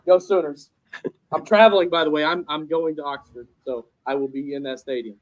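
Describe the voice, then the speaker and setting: A man on a podcast panel, an animated, rambling sports fan. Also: on the high side, fairly quick, poor audio. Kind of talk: casual podcast chat.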